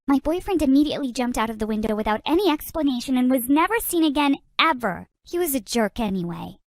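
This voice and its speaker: A woman's voice: high voice, a little fast, hardly any pauses, no room sound, studio quality. A woman narrating a dramatic, comic storytime tale in first person. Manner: dramatic, expressive.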